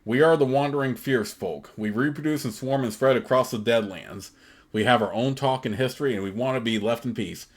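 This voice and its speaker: A man's voice: medium pitch, fairly quick, slightly rough. A man voicing a proud, burly old male troglodyte warrior who speaks in broken, simple phrases.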